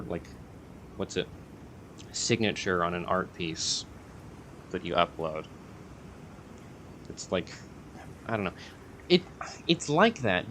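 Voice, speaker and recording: A man's voice: medium pitch, a bit bright, a little hiss or hum. A young man rambling casually in a vlog, hesitant and full of fillers and self-corrections. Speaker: YouTuber.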